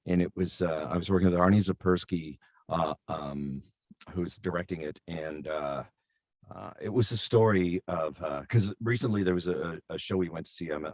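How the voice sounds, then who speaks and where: Brief: middle-aged man, voice actor, very low voice, dry close sound, rambling anecdotes full of fillers. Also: dry recording. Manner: rambling, many fillers and restarts. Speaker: voice actor guest. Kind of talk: casual interview storytelling.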